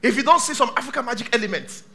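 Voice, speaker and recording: High bright-voiced preacher. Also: male voice, expressive, rapid-fire. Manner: dramatic preaching, swinging from shouts to hushed tones. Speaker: pastor. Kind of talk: sermon. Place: live church service.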